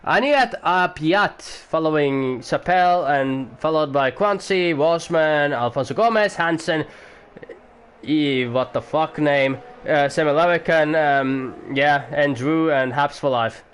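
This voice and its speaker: A man doing amateur commentary on a sim race at home, excitable at times, swearing now and then, and keeping his voice down for the neighbours. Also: fairly high pitch, slow, slight background noise. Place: home room.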